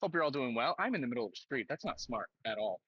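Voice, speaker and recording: A man's voice: mid-range voice, big pitch swings, fast, highs cut off, noisy background. A professional voice actor, a man, introducing himself in a friendly, rambling way with many fillers. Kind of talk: casual self-introduction. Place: outdoors on a street.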